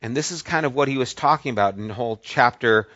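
A man preaching a sermon, teaching through a passage and stressing key words with drawn-out pauses. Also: mid-range voice, a bit bright, no echo. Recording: dull lo-fi dry recording.

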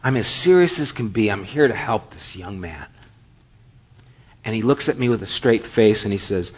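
A man's voice: on the low side, lively intonation, normal speed, noisy background. A middle-aged male pastor preaching a sermon, telling stories animatedly and acting out the dialogue. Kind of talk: sermon with storytelling.

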